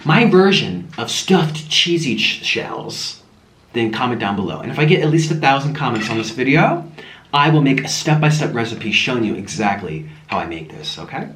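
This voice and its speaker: At home, a mukbang vlogger eats on camera and chats casually with viewers, gushing and sometimes talking with his mouth full. His medium-pitched, slightly bright voice swings widely in pitch at a moderate pace, in an echoey room with faint music and slight background noise.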